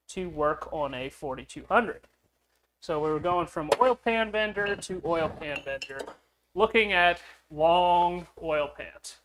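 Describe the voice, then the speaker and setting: A man's voice: on the high side, a bit bright, slight background noise, low-quality recording. A man hosting a car-building video, telling a story casually with lots of fillers and chuckles. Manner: rambling, with frequent fillers and chuckles.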